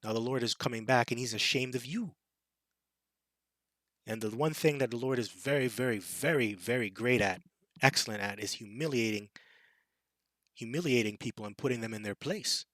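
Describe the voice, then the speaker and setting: Fiery male street preacher, forceful bright tone, taunting delivery, dry close sound. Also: mid-range voice, normal speed, pauses often, dry recording. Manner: fiery and taunting, with scornful impressions and laughs. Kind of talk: scripture sermon.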